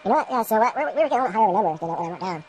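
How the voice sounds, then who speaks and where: Fast-talking woman rambling through a grow demo. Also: medium pitch, lively intonation, a little mellow, slight background noise, rough recording. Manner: rambling, talks to camera while working, mutters at equipment. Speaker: home grower demonstrating light readings. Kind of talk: casual instructional vlog.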